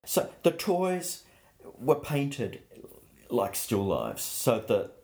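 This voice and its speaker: A man, a painter, telling anecdotes in an animated way during an interview. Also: medium pitch, very slow. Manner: anecdotal, animated storytelling with laughs.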